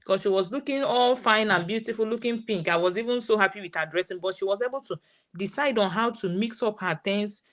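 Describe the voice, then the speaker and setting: A woman's voice: mid-range voice, brisk. A woman in her thirties with a Nigerian English accent, telling a story as a parent guest in a live session and quoting her daughter's words.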